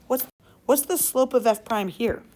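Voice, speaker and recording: A woman's voice: fairly high pitch, measured pace, darkish tone. A woman teacher leading a classroom lesson, upbeat and playful, asking the class questions as she works through problems.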